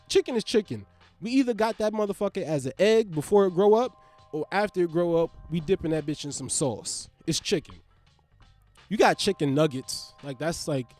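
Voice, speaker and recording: A young man, hosting a podcast in a loose, profane comedic monologue full of sudden swings in volume. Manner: loose, profane, riffing with big swings in pitch and loudness. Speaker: podcast host.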